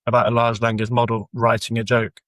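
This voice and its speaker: A man's voice: medium pitch, monotone, a little fast, a bit bright, no echo. Hesitant, apologetic man co-hosting a podcast. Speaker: comedy podcast co-host. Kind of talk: casual chat.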